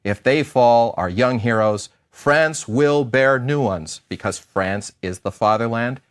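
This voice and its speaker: A middle-aged man giving a university history lecture, with animated, theatrical emphasis and playful asides. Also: medium pitch, slow pace, clean tone. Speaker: history professor.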